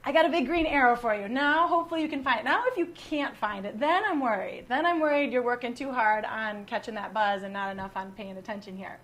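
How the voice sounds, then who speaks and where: A woman's voice: fairly high pitch, quick pace, few pauses, fairly bright tone. A woman from the United States hosting a casual online wine class, chatty and full of teasing jokes. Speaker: wine educator and host.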